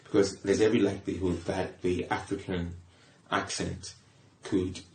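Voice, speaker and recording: 低く、かすれた声の中年男性. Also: male voice, low-pitched, normal speed, reverberant. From England. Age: middle-aged. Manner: animated, repeats himself, sudden loud rises. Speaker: comedian guest. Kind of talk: casual podcast conversation.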